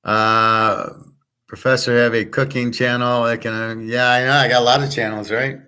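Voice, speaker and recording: A man's voice: medium pitch, level tone, moderate pace, pushed and bright, clear, resonant tone. A middle-aged man hosting his own show, talking casually in a blunt, digressive way and swearing often. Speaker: host. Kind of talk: casual rambling talk.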